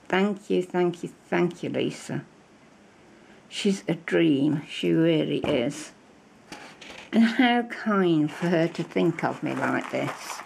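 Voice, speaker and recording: Speaking in a low, gravelly voice with a darkish tone, an older British woman shows off craft supplies in a relaxed vlog, chatting effusively and wandering off topic. Slight background noise can be heard.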